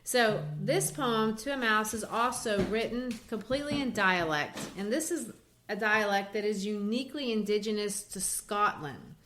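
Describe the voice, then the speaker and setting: A woman co-hosting a literature podcast, explaining a poem in a relaxed, animated way with light laughs. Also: medium pitch, normal speed, slight background noise. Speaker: podcast co-host. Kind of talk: casual literature discussion.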